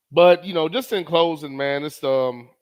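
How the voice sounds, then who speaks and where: A high-voiced man hosts a casual live stream. He talks loosely and keeps circling back over his own phrases. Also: smooth. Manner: laughing, animated, repeats phrases. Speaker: streamer host.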